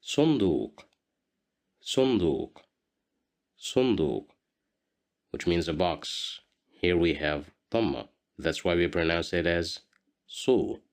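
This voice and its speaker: Low-voiced man teaching a language lesson. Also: fairly even intonation, clean tone. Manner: patient, repeats words slowly for learners.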